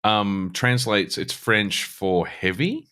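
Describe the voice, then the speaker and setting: A man's voice: fairly low pitch, lively intonation, slow, pushed and bright, smooth. A man, co-hosting a podcast, who tells a rambling story and laughs often. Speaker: podcast co-host. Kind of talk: casual chat.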